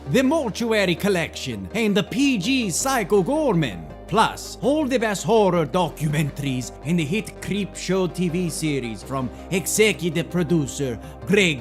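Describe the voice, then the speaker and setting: Male ad announcer over music. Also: on the high side. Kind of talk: scripted sponsor read.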